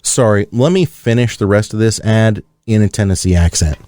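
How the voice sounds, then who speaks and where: A man hosting a car podcast in casual chat, animated and joking, swearing freely. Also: on the low side, normal speed, no echo. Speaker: podcast host.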